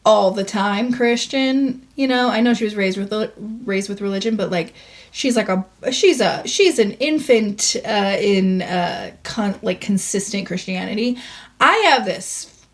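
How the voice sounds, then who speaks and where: A woman's voice: mid-range voice, normal speed. A woman hosting a reaction commentary, cutting in with dry, sarcastic asides. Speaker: commentary host.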